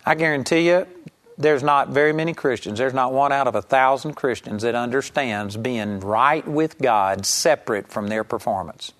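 A man's voice: mid-range voice, normal speed, fairly bright tone. A man preaching an earnest sermon, teaching from scripture and telling a story to make his point. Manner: earnest, emphatic Bible teaching with anecdotes.

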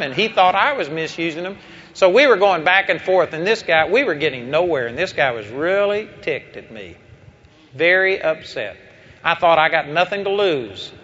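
A man's voice: sits high, sharp tone. A man preaching a sermon, telling a story with impassioned, emphatic delivery. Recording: dull lo-fi recording.

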